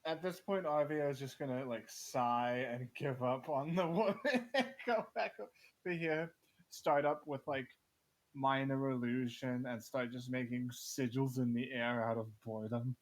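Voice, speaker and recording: A man's voice: mid-range voice, a little slow. A man playing a tabletop game who describes his moves in a laid-back, amused way. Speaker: player. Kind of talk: casual tabletop play.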